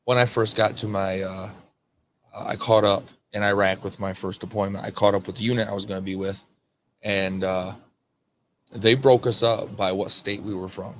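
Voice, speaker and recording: Male host, easygoing, low-leaning pitch, light noise floor. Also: level tone, moderate pace. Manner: laid-back, laughs often. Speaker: podcast host. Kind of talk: casual interview chat.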